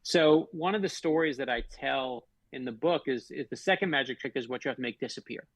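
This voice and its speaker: A middle-aged man from Florida tells heartfelt stories as a guest on a radio show. His voice is gravelly and husky, and he leans hard on the big lines. The sound is close and dry. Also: mid-range voice, a little fast, a bit bright, no room sound. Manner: heartfelt, emphatic, builds stories to a punch. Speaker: author guest. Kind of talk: earnest storytelling in a radio interview.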